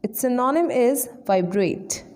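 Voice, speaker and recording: A woman, an English trainer, slowly explaining vocabulary words one by one in a lesson. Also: a little high, lively intonation, a little mellow. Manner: slow, deliberate word-by-word explanation.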